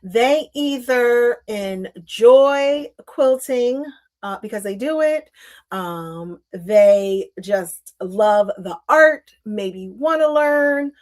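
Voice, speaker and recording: A woman's voice: a little high, expressive, extremely slow, a little mellow. A woman hosting a live quilting stream, chatting casually and welcoming viewers while she sews, with frequent fillers. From Northern Virginia.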